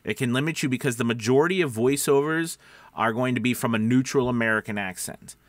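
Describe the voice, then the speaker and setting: A man's voice: medium pitch, quick pace, no room sound. A man with a somewhat nasal voice giving casual advice to voice actors, asking viewers questions as he talks. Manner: conversational, restarts, asks viewers questions. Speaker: voice-over coach. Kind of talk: casual advice talk to camera.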